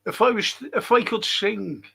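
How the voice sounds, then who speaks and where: A man hosts a casual live stream as a historian, chatting and joking with his viewers. He speaks slowly and unhurriedly. His voice is fairly high and has a gravelly, creaky edge. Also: pushed and bright. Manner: chatty and jokey, greeting viewers by name.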